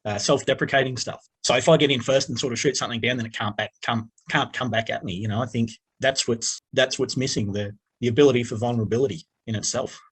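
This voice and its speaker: Husky man, quick and earnest. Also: mid-range voice. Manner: reflective and earnest, with a lot of "you know". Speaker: podcast guest. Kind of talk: casual podcast interview.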